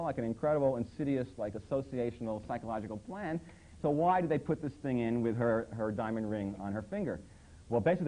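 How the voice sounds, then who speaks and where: A man's voice: medium pitch, warm tone, poor audio. A man hosting a satirical public access show, mocking commercials with an incredulous, sarcastic tone. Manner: sarcastic, incredulous, quoting ads in mock voices. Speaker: comedy host. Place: public access TV studio under hot lights.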